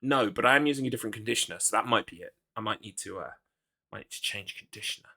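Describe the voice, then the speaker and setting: Male streamer, bright voice, loose rambling chat, jokes at his own expense. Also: lowish voice, fast talker, gravelly. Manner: rambling, self-deprecating, reads chat aloud. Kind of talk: casual live-stream chat.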